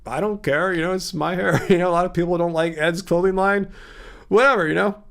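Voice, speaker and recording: A fatigued livestream host in his fifties chats casually, rambling as he responds to viewers by name. His high-sitting voice is steady in tone, fairly bright and creaky, and he talks fairly quickly.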